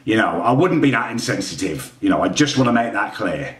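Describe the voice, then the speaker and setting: Man, rambling and defensive, animated, roomy echo. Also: lowish voice, fairly quick, far from the mic. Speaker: YouTuber reacting to a parody edit of his own videos. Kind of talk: indignant reaction commentary.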